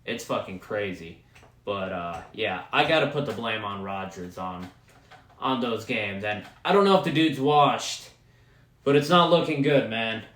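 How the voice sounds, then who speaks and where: A man's voice: lowish voice, expressive, measured pace, fairly bright tone. A man from Wisconsin hosting a solo podcast, ranting about football with heavy profanity. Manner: profane, heated sports ranting. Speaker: podcast host. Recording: roomy echo.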